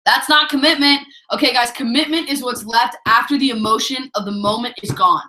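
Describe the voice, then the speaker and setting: A woman's voice: a little high, a little fast, pushed and bright. Female trainer, pep-talk delivery, keeps calling the team "guys", recorded in an echoey room. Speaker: network marketing trainer. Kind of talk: motivational training call.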